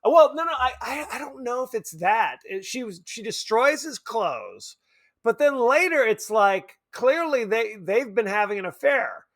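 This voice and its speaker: Podcast co-host, male, from Palm Springs; high, very lively pitch, bright tone, chatty and animated. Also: unhurried. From Palm Springs, California. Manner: animated, laughs often, acts out quotes. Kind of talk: casual film chat.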